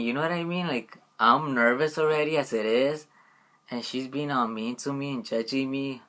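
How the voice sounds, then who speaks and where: A man's voice: medium pitch, normal speed, fairly bright tone. A young man talks straight to the camera in a loose, rambling way. He keeps circling back on himself with "like" and "you know what I mean". His voice sits in an ordinary middle range. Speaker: vlogger. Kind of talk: casual storytelling vlog.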